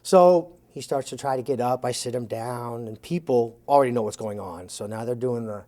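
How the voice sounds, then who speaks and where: A man of middle pitch tells a long anecdote in an interview. His storytelling is animated, and he jumps into quoted lines with shifts in voice. He chuckles as the story unfolds. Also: normal speed. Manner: chuckles while telling the story. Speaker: interview guest telling an anecdote.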